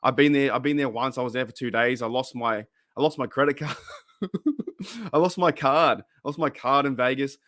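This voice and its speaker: Man, livestream host, excitable, rambling, dry close sound. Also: mid-range voice, a little fast, hardly any pauses, dry recording. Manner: excitable and rambling, fired up, greets viewers by name. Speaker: host of a fan podcast livestream. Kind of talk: casual livestream chat.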